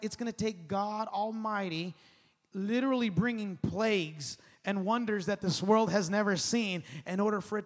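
A man in his thirties preaching a sermon as pastor, animated and conversational, calling on the congregation to respond. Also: sits high. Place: large church hall. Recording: long hall reverb.

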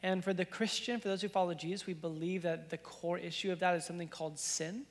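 A man's voice: high-pitched, fairly even intonation, quick pace. Male pastor, thirties, casual sermon storyteller, lots of "like"s, echoey church room. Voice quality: casual, filler-heavy storytelling with many "like"s. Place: church sanctuary.

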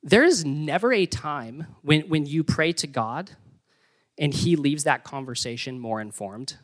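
A young man preaching a sermon in an energetic, conversational way with playful emphasis. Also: on the high side, unhurried. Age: young adult. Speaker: pastor.

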